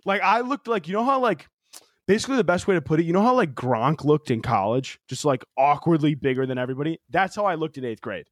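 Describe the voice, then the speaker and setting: A man's voice: on the high side, quick pace, dry recording, studio quality. A young man co-hosting a podcast, telling a story in a loose, swearing way full of "like" fillers. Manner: animated storyteller, heavy "like" fillers, swears freely. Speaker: podcast co-host. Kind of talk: casual storytelling chat.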